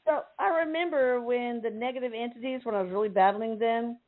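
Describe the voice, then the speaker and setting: An older woman hosts a call-in radio show, chatty and upbeat as she greets callers. Her voice sits fairly high. The sound is thin and tinny, like a phone line. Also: a little fast. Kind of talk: casual call-in chat.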